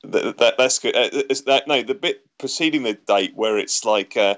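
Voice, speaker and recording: A man talks about a film in a halting way, repeating words and restarting sentences often. His voice sits at a middle pitch for a man. The chat is loose and casual. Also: a bit bright. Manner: halting, stammers and restarts a lot.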